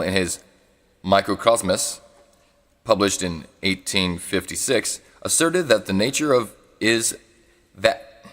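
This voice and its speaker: A low-voiced man with a fairly bright tone reads a philosophy book live in a large hall. His reading is halting, with restarts to correct misread words and side remarks whenever he's unsure how to pronounce something foreign.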